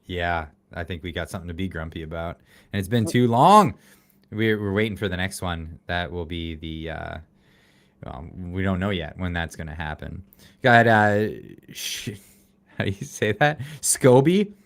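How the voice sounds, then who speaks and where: A man's voice: low voice, normal speed. A Canadian man with a mild accent, chatting casually on a livestream and reading viewer comments aloud. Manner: rambling, restarts, reads chat aloud. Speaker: livestream guest, political YouTuber.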